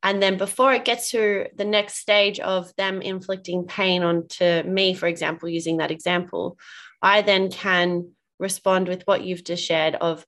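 A woman host listens closely and paraphrases back what she has heard, thinking aloud as she goes. Her voice sits on the lower side for a woman. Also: little pitch movement, unhurried, fairly bright tone. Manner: engaged, paraphrases back to check understanding. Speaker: podcast host. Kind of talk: casual interview chat.

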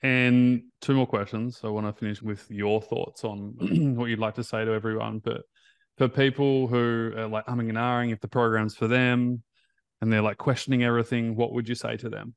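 A man's voice: mid-range voice, little pitch movement, normal speed, gravelly, smooth, dry recording. A man hosting a casual interview as a recovery coach, affirming and encouraging his guest.

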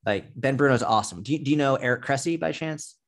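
A man in his thirties talks as a podcast guest in easy, animated chat. He leans on "like" and drops casual swears. His voice sits at an ordinary middle pitch for a man. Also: quick pace. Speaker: podcast guest, fitness coach.

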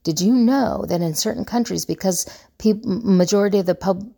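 A woman's voice: medium pitch, moderate pace, gravelly, dark tone. A woman in her fifties hosting a relationship advice show, talking earnestly in a rambling way with many fillers and restarts. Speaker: relationship coach and podcast host. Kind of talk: casual advice monologue.

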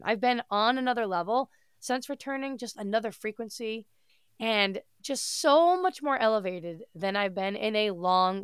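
A woman's voice: medium pitch, fairly bright tone, smooth, no echo, studio quality. A woman hosting her own podcast, talking alone in an upbeat, gushing way, her voice nasal from a stuffy head cold. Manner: upbeat, gushing, casual with mild swearing. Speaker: podcast host. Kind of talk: solo podcast monologue.

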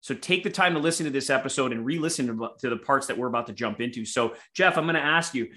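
A man's voice: medium pitch, fast, pushed and bright. A man co-hosting a sales podcast, talking emphatically in a coaching way and addressing his listeners directly. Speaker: podcast co-host, sales mentor. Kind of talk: podcast conversation.

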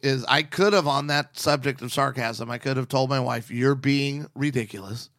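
Middle-aged guy podcast host, gravelly edge, bright forward tone, sarcastic storyteller. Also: mid-range voice, fairly even intonation, moderate pace, no room sound, studio quality. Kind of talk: casual chat.

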